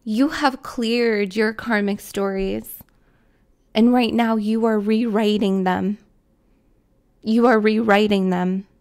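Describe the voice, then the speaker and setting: A woman with a gravelly, creaky voice gives a heartfelt tarot reading straight to her viewers. She is emotional and close to tears, repeats herself for emphasis, and swears casually along the way. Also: mid-range voice, steady tone, slow pace, darkish tone. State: tearful, emotional. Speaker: tarot reader. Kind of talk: spiritual tarot reading to camera.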